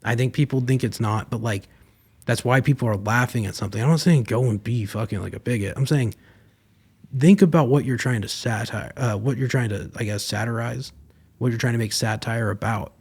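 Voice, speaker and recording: A man's voice: mid-range voice, fairly quick, slightly rough. A young man hosting his own podcast, talking casually and rambling with lots of fillers and swearing. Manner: rambling, profane, filler-heavy. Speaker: podcast host. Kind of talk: casual solo commentary.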